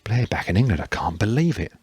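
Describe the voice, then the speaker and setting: A man's voice: fairly low pitch, big pitch swings, fast, a little mellow, slightly rough, no echo, clean studio sound, pitched above the performer's own voice, exaggerated voice. A man voicing an anxious, careful middle-aged man in an audiobook reading.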